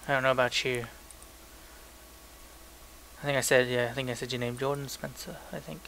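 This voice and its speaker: A man's voice: medium pitch, fairly even intonation, a little fast, gravelly, sharp tone, slight background noise. A young man co-hosting a casual podcast, reading listener emails aloud in a joking, loose way with frequent stumbles. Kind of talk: casual chat.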